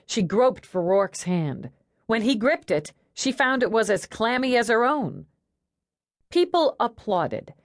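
A woman narrating an audiobook in a wry, expressive storytelling manner. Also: mid-range voice, no echo, clean studio sound. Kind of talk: scripted narration.

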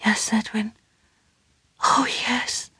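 A woman's voice: medium pitch, animated, a little slow, a little mellow, slightly rough, no echo, clean studio sound, pitched above the performer's own voice. A woman voicing an anxious young working-class servant girl. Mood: soft, tender.

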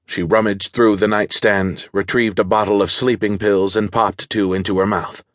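Low-voiced male thriller narrator. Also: level tone, normal speed, no echo, studio quality. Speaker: audiobook narrator.

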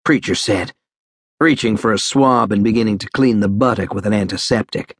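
A man narrating an audiobook in a measured, even storytelling manner. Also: on the low side, slightly rough, no room sound, clean studio sound. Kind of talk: scripted narration.

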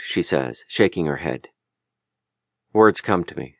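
A man narrating a memoir audiobook in a measured, lyrical, deliberate way, recorded close in a studio. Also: sits low, gravelly, no echo. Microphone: close studio mic.

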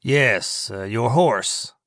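A smug, greedy prison commandant, as an audiobook narrator puts him on. He draws out his words slowly in oily, falsely polite tones with threats beneath. The voice sits in an ordinary male pitch and is recorded dry and close. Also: expressive, a bit bright, dry recording, full character voice. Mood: sly menacing. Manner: slow, drawn-out, oily politeness with veiled threats.

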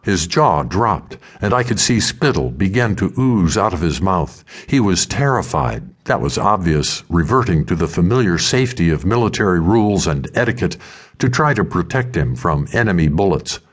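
A man narrating an audiobook in the first person, with a measured, steady storytelling delivery. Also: low voice, slightly rough.

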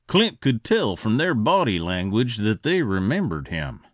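A man narrating a western audiobook in an expressive, scripted storytelling style. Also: fairly low pitch, unhurried, dry recording, studio quality.

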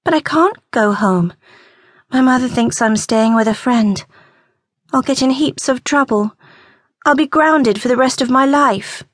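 A woman's voice: high-pitched, steady tone, a little fast, hardly any pauses, no echo, studio quality, pitched above the performer's own voice. A woman voicing a young teenage girl who stammers and pleads anxiously in an audiobook. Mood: pleading.

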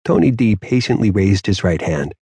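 Husky-voiced male audiobook narrator. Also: fairly low pitch, animated, normal speed, dark tone, dry recording. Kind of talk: scripted narration.

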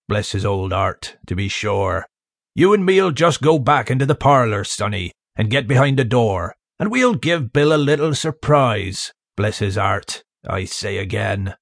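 A man voicing a menacing, wheedling pirate with a fawning, sneering manner in an audiobook, speaking low and hushed. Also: no room sound, full character voice. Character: menacing wheedling male pirate, missing fingers. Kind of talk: audiobook character voice. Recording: dry close studio sound.

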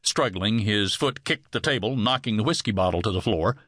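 A man reading a western novel as an audiobook narrator, measured storytelling with close studio miking. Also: on the low side, a bit bright, dry recording. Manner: measured storytelling with varied voices.

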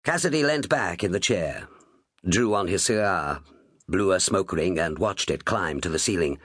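A man reading an audiobook novel in a measured, expressive narrating style. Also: deep voice, husky, no echo, clean studio sound. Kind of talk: scripted narration.

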